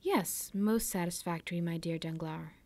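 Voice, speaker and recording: A woman reading aloud, voicing a warm, eager older male ship owner who asks many questions. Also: lowish voice, moderate pace, dry recording.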